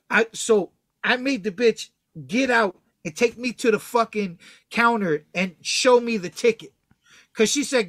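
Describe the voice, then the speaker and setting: A man with a notably high voice tells a rough story from his own life, heavy with slang and swearing. He jumps into the voices of the people in it as he goes. The sound is close and dry. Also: steady tone, unhurried, dry recording. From Texas. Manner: profane, slangy, acts out quotes loudly. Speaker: guest. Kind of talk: casual storytelling.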